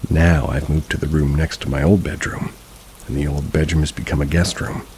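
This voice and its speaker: A man narrating scary reader-submitted stories in an even, measured reading. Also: extremely low pitch, slight background noise, low-quality recording. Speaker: horror story narrator.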